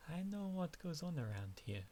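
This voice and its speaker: A man's voice: a little high, very animated, moderate pace, warm tone, a little hiss or hum, pitched above the performer's own voice. A man voicing an older, evasive village washwoman in a video game, speaking in a guarded, folksy way.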